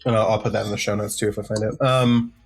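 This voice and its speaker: A man co-hosting a podcast, chatting casually and excitedly, swearing freely and trailing into fillers. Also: fairly low pitch, quick pace, soft background music. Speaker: podcast co-host. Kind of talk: casual chat about music.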